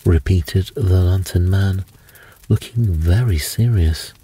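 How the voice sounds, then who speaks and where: A man gently narrating a soothing bedtime story. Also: sits low, slow, husky, poor audio.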